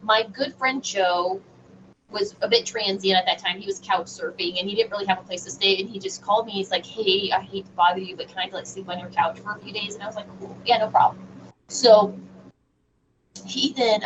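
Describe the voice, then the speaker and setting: A woman guest on a radio show, telling a personal story in an animated, halting way with many fillers. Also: medium pitch. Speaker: guest medium. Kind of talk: casual storytelling in a radio interview. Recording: distant, dull lo-fi sound with faint noise.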